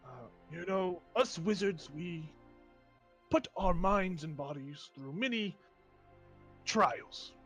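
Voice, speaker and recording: A man voicing a pompous male wizard who leads a funeral, talking in a formal and halting way. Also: high-pitched, animated, fairly bright tone, faint music behind, heavily acted. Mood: solemn. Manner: hesitant, formal, halting speech.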